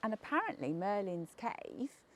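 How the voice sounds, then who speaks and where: English woman, wheelchair vlogger, chatty and relaxed, noisy outdoor camera audio. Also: mid-range voice, measured pace. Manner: chatty, often drops to a murmur. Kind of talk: casual outdoor vlog narration. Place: outdoors on a quiet clifftop.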